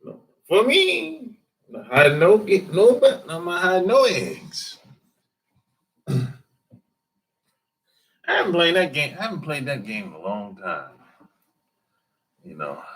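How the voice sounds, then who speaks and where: A man hosting a laid-back livestream talks slowly and loosely, joking and answering his viewers. His voice is bright and forceful, swinging widely in pitch as he goes. He often mimics how other people talk. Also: wildly swooping pitch. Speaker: livestream host reading chat. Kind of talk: casual livestream chat.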